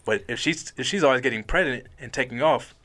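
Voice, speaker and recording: A man in his forties co-hosting a casual panel talk, earnest and animated, often laughing as he speaks. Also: mid-range voice, brisk. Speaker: podcast co-host.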